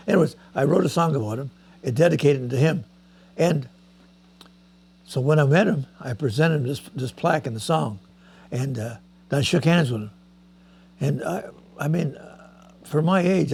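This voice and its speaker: A man's voice: fairly high pitch, creaky, warm tone, breathy edge. A man, telling rambling stories as a veteran musician, stumbling over repeated words and coughing now and then. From Canada. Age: 90s. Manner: halting, repeats words, acts out quoted voices. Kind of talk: rambling anecdotal storytelling.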